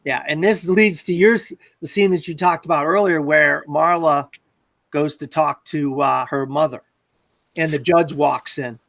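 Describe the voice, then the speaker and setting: A man's voice: a little high, measured pace, vocal fry, fairly bright tone, dry recording. A man hosting a casual film discussion podcast, recapping scenes in a hesitant way with many fillers. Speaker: podcast host.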